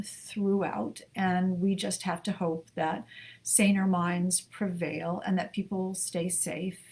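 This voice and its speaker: Middle-aged woman from the US hosting a book livestream at home, friendly, lots of ums. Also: mid-range voice. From United States. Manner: chatty and warm, greets viewers by name, many "um"s. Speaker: co-host of a live-streamed book show. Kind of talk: casual live-stream chat greeting viewers. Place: home office at her desk.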